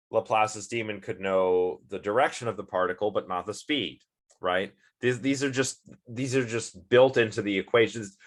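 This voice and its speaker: A man with a somewhat low voice talks through a philosophy lecture. His delivery is loose and conversational, full of ums, uhs and false starts as he thinks aloud. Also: fairly bright tone. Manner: casual, rambling, many fillers and restarts. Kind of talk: recorded online lecture.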